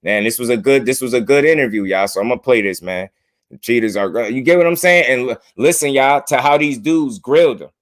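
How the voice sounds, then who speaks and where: A man's voice: mid-range voice, expressive, a little fast. A man hosting a boxing commentary video, talking to his viewers in loose slang and repeating himself a lot.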